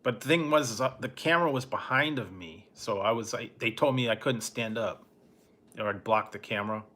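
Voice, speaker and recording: A middle-aged man chats on a late-night live stream, in a bright, forward tone at an ordinary pitch. He rambles through a story in a laid-back way, chuckling softly as he goes, and stops now and then to answer his chat. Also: a little fast. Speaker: food review channel host.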